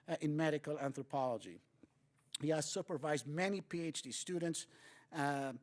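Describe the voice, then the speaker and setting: A man introducing a guest speaker, reading a list of honors with fillers and asides. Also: on the high side. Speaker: event host introducing a speaker. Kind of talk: formal introduction.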